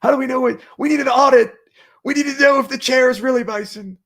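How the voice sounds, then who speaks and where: A man doing a blustering, indignant loudmouth. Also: extremely high pitch, fast, pitched above the performer's own voice.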